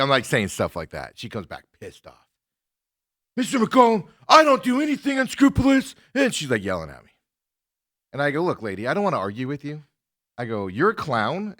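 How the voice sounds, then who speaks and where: Animated, bright-voiced man telling a story. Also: medium pitch, no room sound, clean studio sound. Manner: animated, indignant retelling with quoted exchanges. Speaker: talk show host. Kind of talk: casual chat, telling a story.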